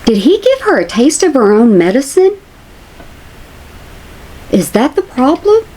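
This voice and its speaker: A woman's voice: high-pitched, big pitch swings, measured pace, dark tone. A woman, chatting casually to her viewers as a commentary vlogger, repeating herself for emphasis.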